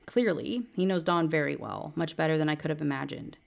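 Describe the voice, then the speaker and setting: Woman doing a ranty book review, sarcastic and fed up, lowish voice. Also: fairly quick, vocal fry. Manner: exasperated, sarcastic, laughing asides. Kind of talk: casual rant book review.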